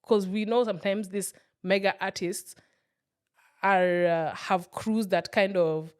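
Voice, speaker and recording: Woman, podcast co-host, mid-pitched, reflective casual chat with restarts. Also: steady tone, slow pace, darkish tone, smooth. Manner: reflective, talks in loose restarts, acts out quoted people.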